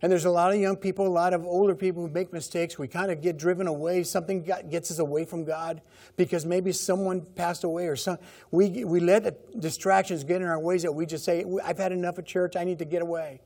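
A man's voice: high voice, flat delivery, fairly quick, a little mellow. A middle-aged man preaching a sermon in a conversational way, repeating key phrases. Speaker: pastor.

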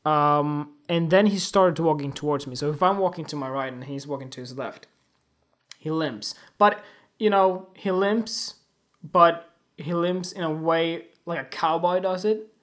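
A man hosting a podcast, telling funny everyday stories in a loose, animated and crude way, often laughing at himself. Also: fairly high pitch, a little slow. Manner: animated, giggly, crude, self-mocking. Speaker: podcast host. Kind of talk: casual comic storytelling.

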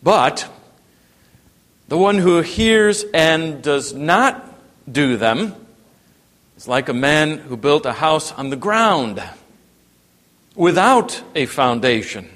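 A man preaching a sermon, dropping to a hush and then rising to emphatic, raised passages. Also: fairly high pitch. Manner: wide swings from hushed to emphatic preaching. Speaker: pastor. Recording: long reverb in a hall.

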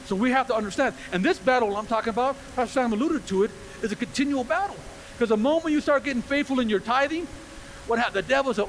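A man pastor preaching a sermon to a congregation, animated, acting out quoted voices and firing rhetorical questions at the room. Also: very high-pitched, fast, slight background noise. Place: church before a congregation.

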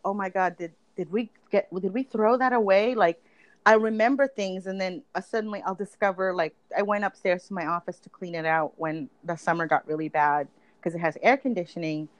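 A woman's voice: mid-range voice, no echo, rough recording. A woman co-hosting a podcast, talking in a chatty, casual way with lots of fillers and restarts. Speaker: podcast co-host. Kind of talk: casual chat.

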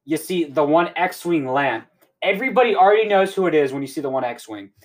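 A young man hosting a podcast, rambling excitedly through a casual recap and swearing often. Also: on the high side, a little fast. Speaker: podcast host.

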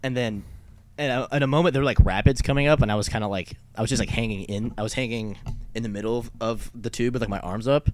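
This is a young man with a mid-range voice chatting casually; he tells his story fast, wandering along with plenty of fillers and curse words.

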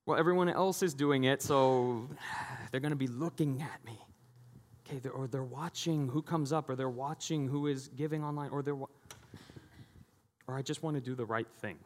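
A man's voice: medium pitch, moderate pace, fairly bright tone. A middle-aged man preaching a sermon as pastor, conversational and jokey, acting out the voices he quotes. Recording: long hall reverb.

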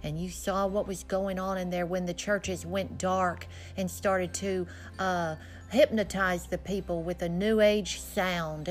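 A woman preaching a sermon, reading scripture slowly and solemnly and building to emphatic, fervent declarations. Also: lowish voice.

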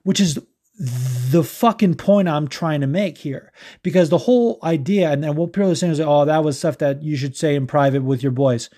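Angry podcast host guy ranting, cussing a lot, restarts words, warm dark voice. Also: on the high side, moderate pace. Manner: heated, profane, stumbling restarts. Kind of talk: casual ranting podcast talk.

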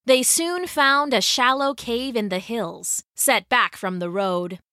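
Slow-reading woman storyteller. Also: a little high, sharp tone, dry recording, clean studio sound. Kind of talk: scripted narration.

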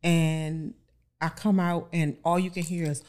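Lower-voiced woman telling a story. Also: a little slow. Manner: animated storyteller, repeats words, acts out quotes. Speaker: podcast guest, bride. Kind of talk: casual chat.

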